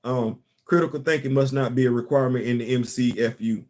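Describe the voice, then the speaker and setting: A man's voice: medium pitch, steady tone, fairly quick, a little mellow. A man hosting a comics commentary show, ranting emphatically and repeating himself. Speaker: host. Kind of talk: casual commentary.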